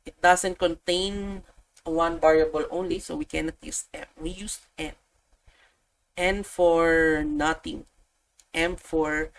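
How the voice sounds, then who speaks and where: A woman's voice: low-pitched, steady tone, slow, poor audio. A woman tutoring math, thinking aloud and chatting as she works through problems. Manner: thinks aloud, self-correcting, chatty asides. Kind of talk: casual tutorial walkthrough.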